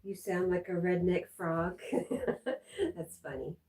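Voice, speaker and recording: Low-voiced woman chatting on a livestream. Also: takes it slowly. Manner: chatty, warm, giggly asides. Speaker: livestream host. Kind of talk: casual livestream chat reading comments.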